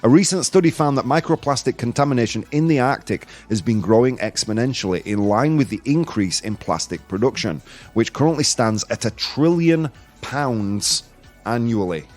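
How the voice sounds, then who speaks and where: A man's voice: mid-range voice, expressive, normal speed, darkish tone, faint music behind. A man hosting a casual live-streamed news podcast, joking, rambling and laughing at his own jokes. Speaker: podcast host.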